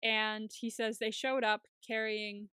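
A woman co-hosting a podcast, giving a casual, animated recap of a TV episode and acting out scenes with laughs. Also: a little high, slow pace, clear, resonant tone, no echo, studio quality. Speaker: podcast co-host.

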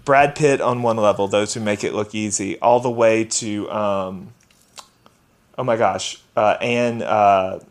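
A man's voice: lowish voice, steady tone, a little slow. Chatty man, gossipy podcast guest. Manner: chatty, gossipy, full of fillers. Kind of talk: casual chat.

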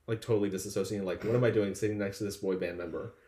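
A man's voice: on the low side, very fast, echoey room. A young man co-hosting a casual podcast, gossiping animatedly and acting out what others said. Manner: animated gossiping, acts out quotes. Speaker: podcast co-host. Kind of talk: casual chat.

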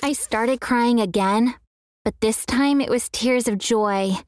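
A young woman with a slightly high voice tells a scripted first-person story. She reads in an earnest way and gives the quoted lines a little acting. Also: takes it slowly, no room sound.

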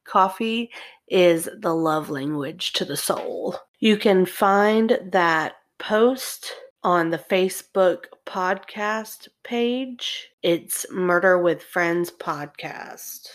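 Young woman, podcast host, blunt, swears, laughs a lot, slow pace. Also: lowish voice. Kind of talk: casual chat.

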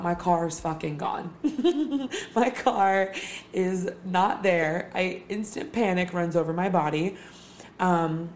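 A woman's voice: lowish voice, darkish tone, slight background noise. A young woman hosting a casual solo talk, chatty and swearing freely, with lots of filler words.

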